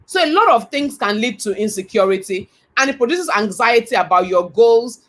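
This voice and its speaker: A woman's voice: on the high side, moderate pace. Nigerian woman giving motivational talk. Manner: storytelling, animated and earnest. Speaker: motivational speaker.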